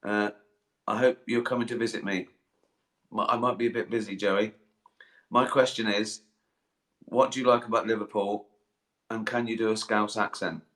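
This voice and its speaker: A man's voice: on the low side, steady tone, normal speed, pauses often, a bit bright. A middle-aged man chatting casually on a live stream, rambling, swearing freely and poking fun at himself. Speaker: comedian answering fan questions. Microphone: webcam or phone mic. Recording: echoey room.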